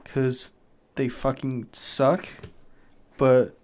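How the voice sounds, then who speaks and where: A man's voice: mid-range voice, little pitch movement, very slow, a little mellow. A young British man hosting a solo podcast, rambling casually with lots of swearing and self-mockery. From Britain. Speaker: podcast host.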